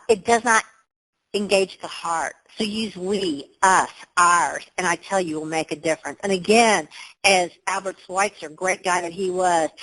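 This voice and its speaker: A woman's voice: on the low side, fairly bright tone, rough recording. Emphatic upbeat woman presenter. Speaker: webinar presenter. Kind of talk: motivational webinar talk. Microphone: computer.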